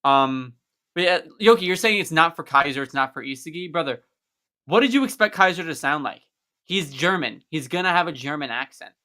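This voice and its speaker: A man hosts a casual live stream chat with an eager, talkative manner. His voice is bright and ringing, and he goes into long explanations. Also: fairly high pitch, expressive, fairly quick. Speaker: host.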